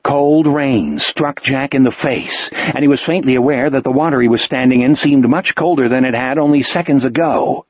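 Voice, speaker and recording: A man reading an audiobook in steady scripted narration. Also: mid-range voice, moderate pace, hardly any pauses, no room sound, muffled recording.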